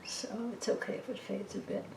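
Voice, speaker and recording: A woman's voice: a little fast, echoey room, noisy background. A woman explaining her painting step by step as she works, thinking aloud and often dropping to a near whisper. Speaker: painting instructor. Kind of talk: casual tutorial narration while painting.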